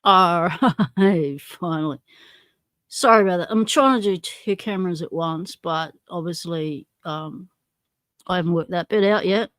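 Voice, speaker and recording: A woman's voice: lowish voice, unhurried, a bit bright, no room sound, studio quality. An Australian woman hosting a casual livestream, chatty and self-deprecating, greeting viewers one by one by name. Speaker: livestream host.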